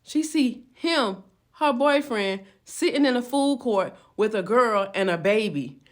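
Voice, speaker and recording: A woman's voice: fairly high pitch, animated, measured pace. A woman casually telling a dramatic story to her viewers, chatty and repetitive, acting out what people said. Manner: chatty retelling with repeated words and acted quotes.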